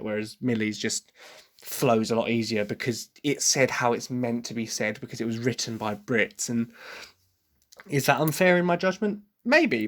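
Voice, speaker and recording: A man with an English accent hosting a podcast, giving his opinions in a casual monologue from his desk, thinking aloud with restarts and quick apologies. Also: medium pitch. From Britain. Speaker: podcast host. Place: at a desk with written notes.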